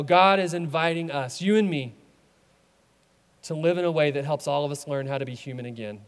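A man preaching a sermon as a pastor, animated, acting out voices in his stories. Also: a little high, clear, resonant tone, big-room sound.

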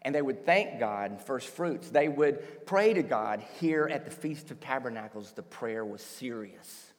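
A man preaching a sermon, telling a story with lively acted-out voices as a pastor. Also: mid-range voice, normal speed, long reverb tail. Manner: animated storytelling, acts out voices.

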